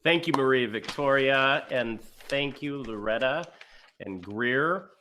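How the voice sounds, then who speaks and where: Slow, bright-toned man moderator. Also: mid-range voice, slight background noise. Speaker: masterclass moderator. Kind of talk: announcing and thanking.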